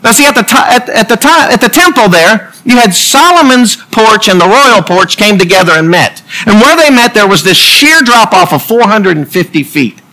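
A man's voice: high voice, lively intonation, moderate pace, few pauses, bright, forceful tone, rough recording. A man preaching a humorous sermon, full of jokey asides and laughter.

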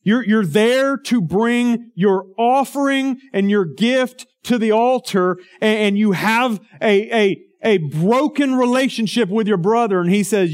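Earnest, slightly high-voiced male preacher. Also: unhurried, hardly any pauses. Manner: earnest, emphatic preaching with rhetorical questions. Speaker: pastor. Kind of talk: sermon.

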